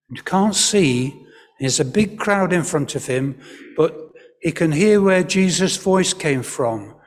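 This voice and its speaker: A man with a somewhat high voice preaches to an all-age congregation, telling the story at an unhurried, deliberate pace. He speaks gently, coaxing the listeners to join in, and his voice carries a long church reverb. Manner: gentle storyteller, leading the congregation in call-and-response.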